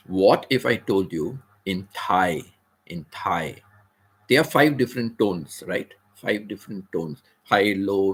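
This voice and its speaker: A man hosting a casual livestream, explaining words patiently and repeating phrases, with the occasional throat clear. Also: on the low side. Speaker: livestream host. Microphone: computer or phone mic, seated.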